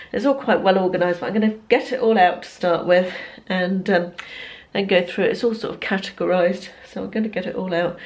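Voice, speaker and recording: A woman, talking chattily and rambling through a casual vlog with many pauses. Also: mid-range voice. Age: 50s. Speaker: lifestyle vlogger. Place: car, then at home.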